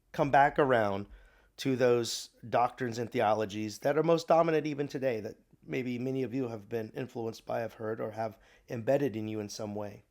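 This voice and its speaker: A man at a middle pitch delivers a recorded Bible class lecture. He speaks in a thoughtful, halting way, pausing and restarting his sentences as he goes. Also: a little mellow.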